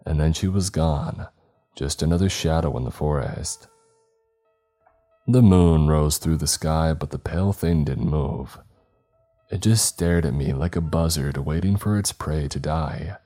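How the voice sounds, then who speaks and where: Very deep-voiced male horror narrator. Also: warm tone, faint music behind. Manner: measured, dramatic storytelling.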